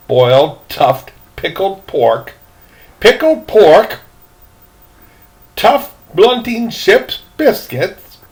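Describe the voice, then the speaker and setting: An older man reading a novel aloud, folksy, stopping for chatty asides to the listener. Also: sits high. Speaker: reader, storyteller.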